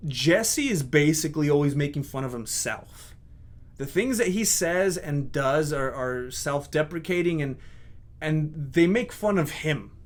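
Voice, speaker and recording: A man's voice: on the high side, lively intonation, a little slow. Candid, hesitant man with a raised voice. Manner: candid, self-critical, hesitant. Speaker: video creator. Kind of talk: casual reflective commentary.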